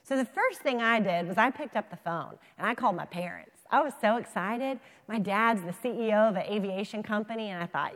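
Animated woman speaker in a reverberant hall. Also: medium pitch, a little fast, few pauses. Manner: animated storyteller, acts out dialogue. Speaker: keynote speaker. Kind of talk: conference talk with storytelling.

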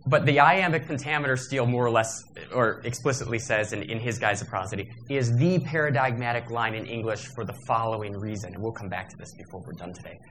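A man's voice: medium pitch, fast talker, hardly any pauses, a bit bright, a little hiss or hum. A man giving a workshop lecture in a discursive, digressive manner, with fillers and self-corrections.

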